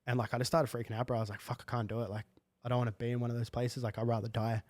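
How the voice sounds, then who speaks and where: A man's voice: mid-range voice, level tone, very fast, a little mellow, no room sound. Young man, dry close sound. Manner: casual slangy storytelling with many fillers. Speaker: guest. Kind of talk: candid podcast conversation.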